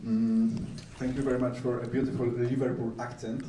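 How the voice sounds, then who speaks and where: A man's voice: medium pitch, flat delivery, normal speed, mellow, a little hiss or hum. A man with a Polish accent, an audience member, asks a conference speaker a question politely and hesitantly, with many fillers. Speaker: audience member asking a question, coastal engineer. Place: conference hall. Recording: echoey hall, mic held at a distance.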